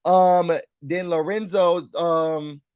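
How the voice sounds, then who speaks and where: With a notably high, clean-toned voice, a man recaps a reality show casually and sassily at a very slow pace. He grows animated and drives points home by repeating words.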